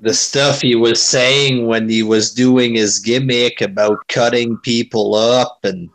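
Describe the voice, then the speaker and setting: A man chatting casually, speaking in hesitant, halting bits. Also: mid-range voice, steady tone, poor audio. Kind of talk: casual chat.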